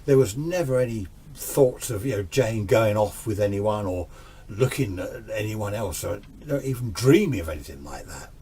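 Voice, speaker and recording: A man's voice: on the low side, lively intonation, moderate pace, dark tone, husky. A man telling a ghost story in a casual, rambling way, often repeating himself.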